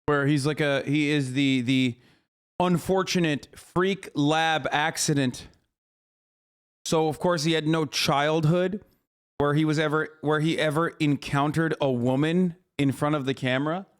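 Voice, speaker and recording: Incredulous mocking streamer, high-ish voice. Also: male voice, fairly even intonation, measured pace, smooth. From United States. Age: 30s. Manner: incredulous, mocking, loose and profane. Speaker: streamer reacting to a clip. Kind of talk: casual live-stream commentary.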